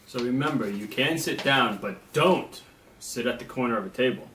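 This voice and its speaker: A man's voice: mid-range voice, normal speed, sharp tone, a little hiss or hum. A young man co-hosting a snack review, reading trivia aloud and joking around. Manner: playful, joking. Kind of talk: casual chat reading trivia. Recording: echoey room, mic at a distance.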